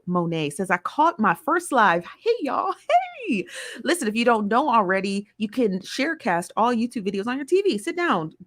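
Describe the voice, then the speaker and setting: A woman's voice: mid-range voice, fairly bright tone. A woman hosting a live stream, chatting casually and playfully while greeting viewers by name.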